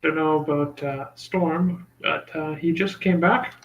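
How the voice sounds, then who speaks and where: Man player, slightly high voice, amused chatter. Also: fairly even intonation, a little slow, muffled recording, a little hiss or hum. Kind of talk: casual tabletop play.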